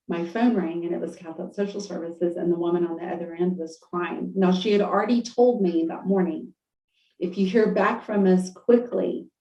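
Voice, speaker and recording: A middle-aged woman telling a deeply emotional personal story on a podcast, halting, with many fillers and restarts. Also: warm tone. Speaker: podcast guest. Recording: roomy, distant, dull lo-fi audio.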